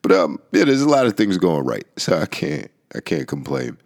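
Deep-voiced man rambling with laughs. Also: sing-song, moderate pace, a little mellow. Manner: rambling, laughing, profane, with many restarts. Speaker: podcast host. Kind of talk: casual monologue.

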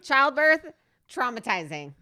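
A woman in her thirties co-hosting a podcast, chatting casually in a rambling, animated way, often laughing. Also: fairly high pitch, measured pace, no echo, clean studio sound. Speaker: podcast co-host. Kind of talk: casual chat.

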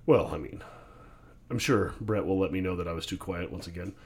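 A young man co-hosting a casual podcast, teasing his partner with dry humor. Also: low-pitched. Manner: dry, teasing, quick to laugh. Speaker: podcast co-host.

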